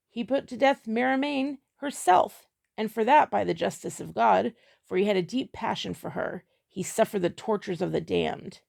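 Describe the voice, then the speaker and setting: A woman's voice: medium pitch, creaky, darkish tone. A woman reading the part of a scowling male servant who speaks curtly, in a harsh, snarling way.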